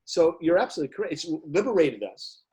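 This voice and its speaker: Older guy, husky voice, kinda high, tells stories with lots of voices. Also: quick pace. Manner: animated storyteller, acts out voices in anecdotes. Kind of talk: casual conversation.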